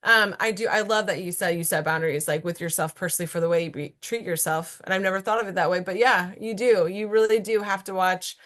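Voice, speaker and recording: Quick and with hardly any pauses, this thirtysomething guest entrepreneur talks on an interview podcast in a fairly low, somewhat bright voice with fairly even intonation. The chat is casual, and she's earnest and animated, frequently tossing in "right?".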